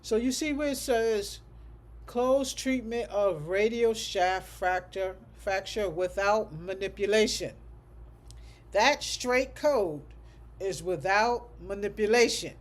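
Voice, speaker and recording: A medical coding instructor giving a livestreamed class lecture, thinking aloud and ending most sentences with a checking "okay?" while slowly repeating code numbers. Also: medium pitch.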